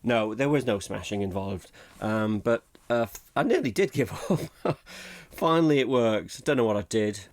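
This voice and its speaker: A man's voice: fairly low pitch, animated, moderate pace. A man hosting a casual solo podcast, rambling, laughing at himself and mocking his own slips. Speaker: podcast host.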